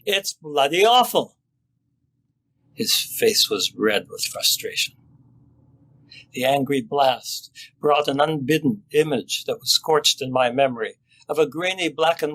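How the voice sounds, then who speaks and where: An older man, a family doctor, reading his own story aloud in a measured, sober and reflective way. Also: mid-range voice, fairly bright tone, poor audio.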